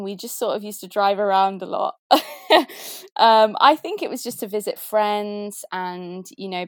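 A young woman from the south of England with a posh accent, chatting casually and cheerfully about her favourite songs, lively and quick to laugh. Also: medium pitch, dry recording. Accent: posh southern English. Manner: chirpy, lively, laughs often. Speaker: guest sharing favourite songs. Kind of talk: casual chat.

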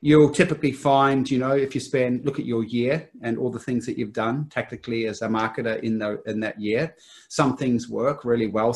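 A middle-aged man in a relaxed business conversation, laying out his rules of thumb on time and marketing. He often restarts mid-sentence and sometimes laughs at himself. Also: mid-range voice. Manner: quick, laughing, self-interrupting explanations. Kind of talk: casual business chat.

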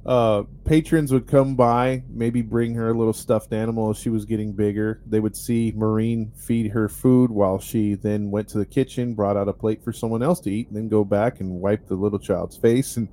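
A man's voice: lowish voice, steady tone, moderate pace, few pauses, dark tone. A man hosting a podcast, telling a story in a rambling, wry way with many fillers. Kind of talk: casual storytelling chat.

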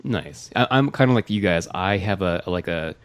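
A man's voice: low voice, expressive, normal speed. Chatty American man hosting a podcast. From United States. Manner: chatty, self-deprecating, restarts often. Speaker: podcast host. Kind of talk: casual chat.

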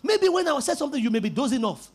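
A pastor preaching a sermon in an emphatic style, repeating key words and rising into shouts. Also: male voice, very high voice, sing-song, quick pace.

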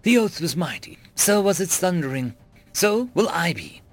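A fierce winged female spirit of vengeance, as a man puts her on, commanding and scornful. Her voice sits fairly high and swings widely, with a gravelly edge underneath. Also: sing-song, moderate pace, faint music behind, exaggerated voice.

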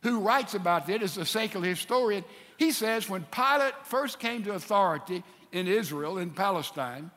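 Animated preacher in an echoey hall. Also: male voice, high voice, moderate pace. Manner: animated storytelling, acting out voices. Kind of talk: sermon.

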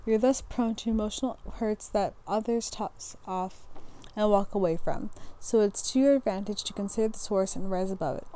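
A young woman with a mellow, warm voice reads astrology entries on her podcast, tripping over words and going back to say them again. Her tone is casual and unpolished, with plenty of "um" and easy laughs at her own slips. Her pitch sits in an ordinary middle range. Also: moderate pace. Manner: reads aloud with stumbles, restarts and frequent "um"; laughs at herself, loose and informal. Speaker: podcast host. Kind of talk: casual reading and chat about astrology.

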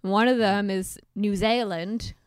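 Smooth, unhurried female podcast co-host. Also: mid-range voice, fairly even intonation, no echo, clean studio sound. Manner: easygoing, laughs often, reads news items slowly. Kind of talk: casual chat.

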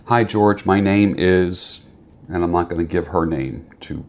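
Deep-voiced man reading a letter. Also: measured pace. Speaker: YouTuber. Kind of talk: talking to camera, reading a viewer letter aloud.

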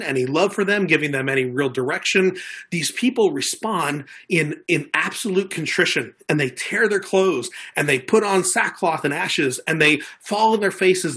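A man's voice: on the high side, fairly bright tone, breathy edge. A man preaching a sermon, earnest and conversational, often restarting his words as he reads and explains scripture. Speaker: pastor.

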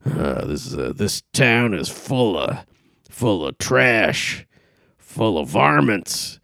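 Guy putting on a smug drawling comic, slow and preachy, dry sound. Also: lowish voice, sing-song, vocal fry, fairly bright tone, dry recording, pitched below the performer's own voice, exaggerated voice.

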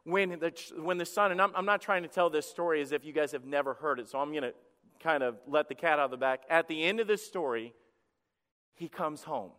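A man's voice: on the high side, fairly quick, fairly bright tone, in a large hall. A male pastor preaching a sermon, emphatic and repeating words as he builds up.

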